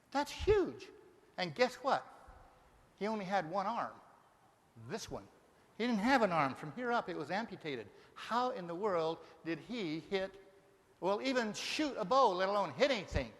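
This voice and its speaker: A high-pitched man speaks from the stage of a big seminar hall, and his voice rings with a long, lingering reverb. He talks with a lively motivational speaker's energy, throwing question after question at the crowd. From Denver, Colorado.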